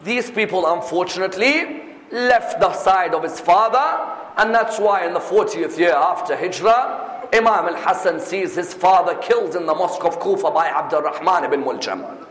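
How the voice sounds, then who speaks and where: High-voiced preacher in an echoey hall. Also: male voice, normal speed, a bit bright. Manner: rhetorical questions, emphatic repetition. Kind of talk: religious lecture.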